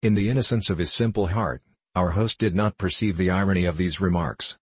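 Deep, husky male audiobook narrator. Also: brisk, no echo.

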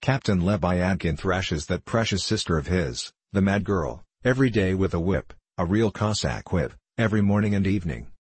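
A man's voice: low-pitched, normal speed, few pauses, husky, no echo. A man reading as a sly, knavish gossip who drops news casually.

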